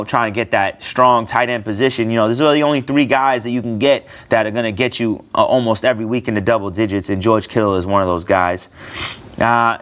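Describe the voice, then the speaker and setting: A man hosting a casual sports talk show, telling a story with animated, incredulous outbursts. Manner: animated storytelling, pitch jumps up when incredulous. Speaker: show host. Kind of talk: casual fantasy football talk.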